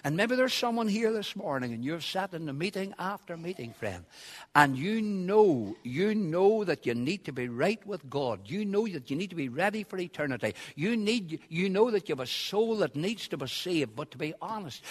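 High-voiced man preaching in a reverberant hall. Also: expressive, moderate pace. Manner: swings from quiet to loud shouting. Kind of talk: sermon.

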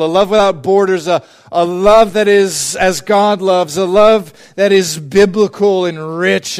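A man preaching a sermon as pastor, earnest and deliberate, repeating key phrases for emphasis. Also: fairly high pitch.

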